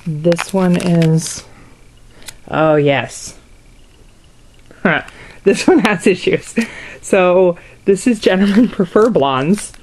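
A woman's voice: fairly low pitch, a little mellow, slight background noise, poor audio. Chatty young woman gushing over scents. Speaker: vlogger showing a wax haul. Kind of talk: casual haul video chat.

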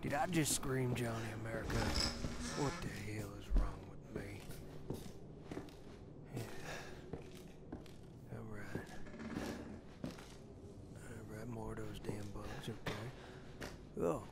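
A man's voice: fairly low pitch, takes it slowly, pauses often. A man voicing a crude, dim-witted man poking around a derelict house, rambling and muttering vulgar remarks to himself as a comedic game parody voice-over. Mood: grumbling. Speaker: comedic dub voice. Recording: game ambience noise behind the voice.

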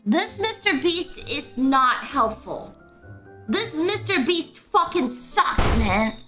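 A young woman streaming a game, talking casually, excitable and swearing a lot. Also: sits high, takes it slowly, music in the background. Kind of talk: casual gameplay commentary.

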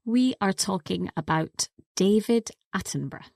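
A woman co-hosting an English lesson podcast, patiently explaining words step by step in a clear teaching manner. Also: mid-range voice, animated, a little slow, darkish tone, no echo, studio quality.

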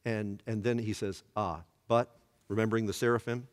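A man's voice: lowish voice, steady tone, normal speed, long reverb tail. A man teaching a church Bible study who keeps asking his class to fill in the answers. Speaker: pastor.

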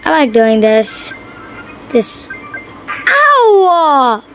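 A woman chatting casually over her gameplay, excitable and quick to gasp and yelp at what happens on screen. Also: high-pitched, over music, rough recording. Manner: excitable, yelps and gasps at the game. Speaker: mobile game player.

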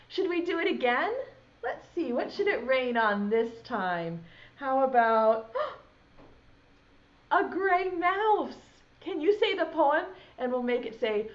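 Woman, preschool teacher, animated sing-song voice, slow encouraging delivery, muffled recording. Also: fairly high pitch. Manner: exaggerated encouraging, prompts children to repeat. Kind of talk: children's lesson, slow sing-song recitation. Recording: dull lo-fi home video sound.

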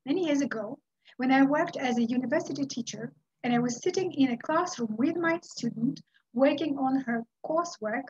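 Woman, middle-aged, from Uzbekistan, high voice, storytelling speech, dramatic unhurried pauses, dull lo-fi recording. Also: darkish tone, husky.

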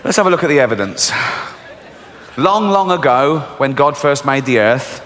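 English comedian, crude deadpan stand-up. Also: male voice, mid-range voice, moderate pace. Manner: crude, swearing, dark deadpan jokes. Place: large theatre stage. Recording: reverberant live theatre recording, faint hiss.

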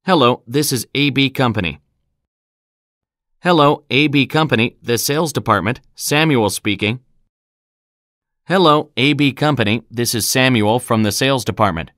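A man reading example sentences one by one in a clear, deliberate scripted style, recorded in a studio. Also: mid-range voice, fairly bright tone, dry recording. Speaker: English phrase reader.

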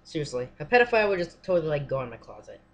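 Horror game let's play, lively swinging pitch, middle-pitched voice, constant cursing, yelps at scares. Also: rapid-fire, muffled recording. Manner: swears a lot, shouts at jump scares; filler-heavy, says "like" and "seriously" often. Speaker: gamer playing a horror game.

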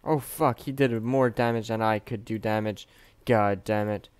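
A young man from Canada chatting casually over his gameplay, swearing often and swinging between mumbled asides and loud outbursts. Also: fairly low pitch, steady tone, normal speed, smooth, dry recording. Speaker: gaming youtuber.

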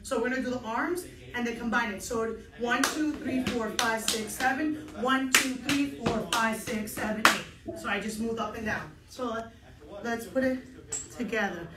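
A woman's voice: on the high side, normal speed, echoey room, heavy background noise. Upbeat woman teaching step, counting beats. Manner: upbeat and encouraging, counts aloud. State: a little out of breath. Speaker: step dance instructor. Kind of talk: online dance lesson, counting out beats. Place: dance studio.

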